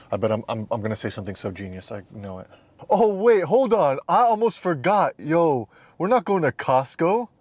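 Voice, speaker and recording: A young man talking casually to camera for a fitness vlog, playful and self-mocking, partly from inside a car. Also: medium pitch. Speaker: fitness vlogger.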